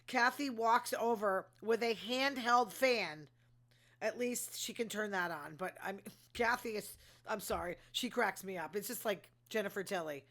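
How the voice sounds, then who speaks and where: A woman's voice: mid-range voice, measured pace, a bit bright. A woman hosting her own show, giving a casual, opinionated recap of reality TV full of asides and fillers. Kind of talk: casual gossipy commentary.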